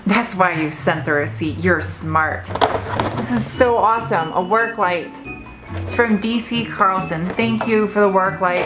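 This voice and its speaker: A young woman hosting her car vlog, talking casually and getting excitable as she opens gifts from viewers. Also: mid-range voice, unhurried, over music. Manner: chatty, excitable when unboxing gifts. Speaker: car vlogger and host.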